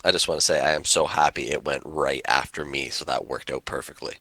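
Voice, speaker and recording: Low bright voiced guy reading rules for his cleric, dry sound. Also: steady tone, a little fast, no room sound. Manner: reads out rules at length, eager. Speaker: player. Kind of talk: tabletop game play.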